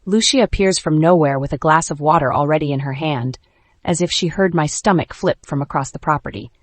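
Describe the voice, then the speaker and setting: A woman narrating a first-person dark romance audiobook in a measured, tense way. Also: deep voice.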